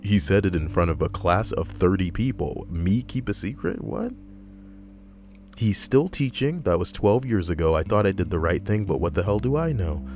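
A young man commentating casually on posts he reads out, animated and profane, jumping high in pitch for emphasis. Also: a little fast, few pauses, slight background noise. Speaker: commentator reading and reacting to posts.

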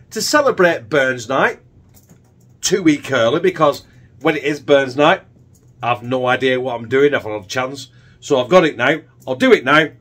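A man's voice: mid-range voice, fairly bright tone, slightly rough. A man, hosting a casual home cooking video in a chatty, rambling, self-deprecating way.

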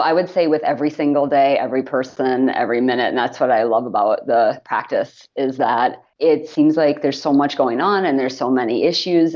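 A woman's voice: very deep voice, lo-fi sound. A woman from Wisconsin, a mentor and coach, talking earnestly as a podcast guest. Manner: warm, earnest, laughs often. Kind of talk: podcast interview.

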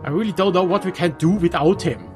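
A man with a Swiss German accent, a native Swiss German speaker, giving halting gameplay commentary in English with many restarts. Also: high-pitched, faint music behind. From Switzerland. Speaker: let's player.

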